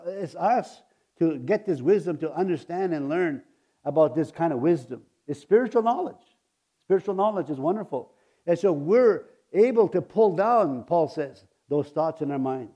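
A pastor in his sixties, with a slightly high voice and dark tone, preaches a sermon full of homey, folksy stories. He chuckles frequently and calls on the congregation to repeat after him.

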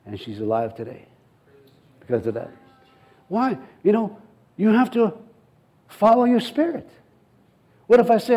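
This pastor's high-pitched voice has a breathy edge, and he moves at a moderate pace with long pauses, all on poor audio. He preaches through animated stories, acting out dialogue and repeating himself often.

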